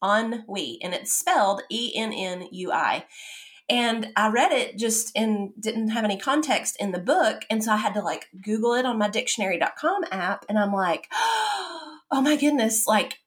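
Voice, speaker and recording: A woman's voice: mid-range voice, moderate pace. A woman co-hosting a casual podcast chat, speaking in a conversational tone and explaining things with enthusiasm. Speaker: podcast co-host.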